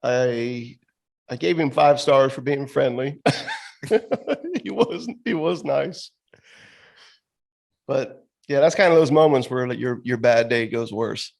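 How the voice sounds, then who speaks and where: A man's voice: medium pitch, steady tone, unhurried, creaky, darkish tone. A man co-hosting a podcast, telling a story in casual chat, laughing often and saying bro and dude. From Florida. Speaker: podcast co-host.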